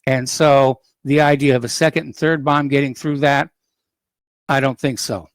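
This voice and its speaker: A man hosting a call-in radio show, reading news items and adding opinionated asides in an unhurried, conversational way. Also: mid-range voice, fairly even intonation, dry recording. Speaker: radio talk show host.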